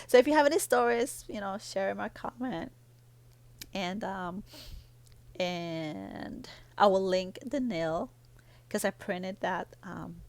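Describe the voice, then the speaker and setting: A woman's voice: medium pitch, a little mellow, dry recording. A middle-aged woman vlogging in a casual, rambling way, telling a heartfelt family story while doing her nails.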